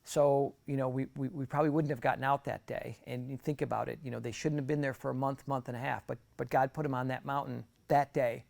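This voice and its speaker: A man's voice: medium pitch, fairly even intonation, fast talker, gravelly, few pauses, a little mellow. A middle-aged man giving an earnest, conversational personal testimony as a guest speaker, often restarting his sentences.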